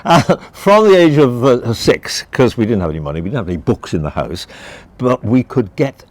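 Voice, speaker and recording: A man's voice: medium pitch, moderate pace. An older man from Wales, a broadcaster chatting as a guest outdoors in a garden, telling stories wryly and laughing at himself. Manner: wry, animated storyteller who laughs at himself. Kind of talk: casual chat, storytelling.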